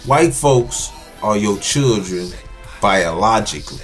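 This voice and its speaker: A man's voice: lowish voice, expressive, takes it slowly, faint music behind. Blunt, profane man in casual talk. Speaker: podcast co-host. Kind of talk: casual conversation.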